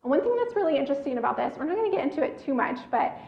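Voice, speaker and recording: Woman preacher, high and gravelly voice, earnest teaching sermon; echoey, slightly dull recording. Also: sing-song, racing. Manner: earnest teaching, repeats words as she thinks.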